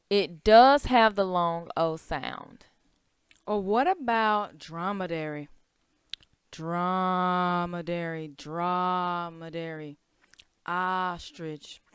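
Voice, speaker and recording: A woman's voice: on the low side, fairly bright tone, clean tone, no room sound, clean studio sound. A woman teaching a children's phonics lesson, stretching out vowel sounds and asking the class questions.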